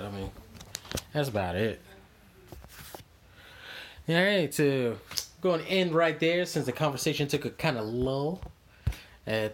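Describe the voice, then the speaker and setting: A man in his own relaxed podcast voice, talking loosely and piling up fillers as he rambles through a story. His pitch sits in the middle of the male range. A faint hiss of background noise hangs under the recording. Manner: rambling, filler-heavy, laughs often. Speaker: podcast host. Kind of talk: casual chat.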